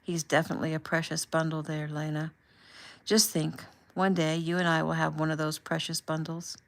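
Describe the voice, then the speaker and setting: Woman voicing a soft-spoken young soldier. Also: low-pitched, flat delivery, normal speed, gravelly. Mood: warm. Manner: soft, quiet, affectionate. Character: young man, soldier on deployment, tender.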